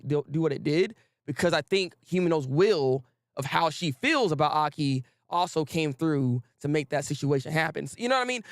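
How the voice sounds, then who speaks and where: A man hosting a casual anime talk stream, reading out viewer names and repeating himself with animated, slangy energy. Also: on the high side, clear, resonant tone, no room sound, clean studio sound. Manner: animated, repetitive, slangy, greets chat viewers. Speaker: host.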